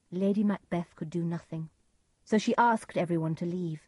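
A woman giving calm, measured storybook narration. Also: on the low side, slightly rough, no echo.

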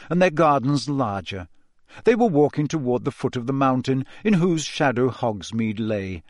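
A man's voice: mid-range voice, dry recording, clean studio sound. A man reading a novel aloud as an audiobook narrator, telling the story steadily and voicing the characters' quoted lines himself.

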